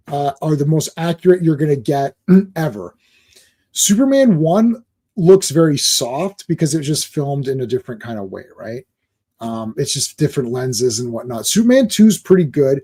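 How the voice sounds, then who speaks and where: A man hosting a live stream, ranting and swearing, dropping into quick impressions of other people. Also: on the high side, warm tone. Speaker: host.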